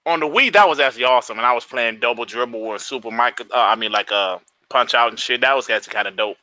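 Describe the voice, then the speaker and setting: A man's voice: medium pitch, fast, sharp tone. A man on a gaming podcast panel who jokes and teases the others. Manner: joking, teasing. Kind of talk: casual gaming podcast chat.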